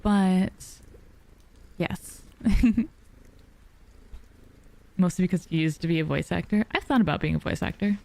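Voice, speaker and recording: Soft-spoken sleepy woman streamer. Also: fairly low pitch, a little slow, vocal fry, long pauses, dry recording. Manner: soft, sleepy and calm, yawning. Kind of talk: relaxed live-stream chat. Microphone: dynamic studio mic.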